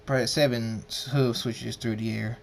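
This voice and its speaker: A man narrating an amateur story, halting and stumbling over words as he reads. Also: mid-range voice, fairly even intonation, gravelly, a little hiss or hum.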